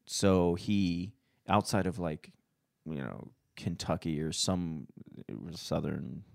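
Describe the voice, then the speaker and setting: A man with a very low, deep voice hosts a casual comedy podcast. He tells a long, meandering story, laughing often and restarting his sentences, and he sounds close and dry. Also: slow, creaky, no echo. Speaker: podcast host.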